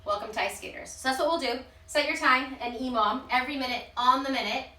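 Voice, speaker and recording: A woman's voice: high voice, fast, sharp tone. A woman leading a follow-along workout, out of breath, counting reps aloud and cheering the class on. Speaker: fitness instructor. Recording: roomy sound from a distance.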